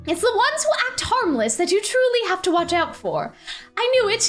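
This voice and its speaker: A woman's voice: very high-pitched, big pitch swings, normal speed, fairly bright tone. A young woman streaming a game, reading the dialogue aloud and breaking into gushing, laughing fan reactions. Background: faint game music.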